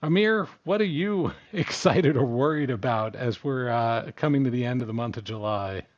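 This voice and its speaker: A man's voice: mid-range voice, animated, normal speed, dull audio. A man with a New York accent hosting a live audio podcast, chatty and conversational with frequent fillers. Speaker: podcast host. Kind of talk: casual live podcast chat.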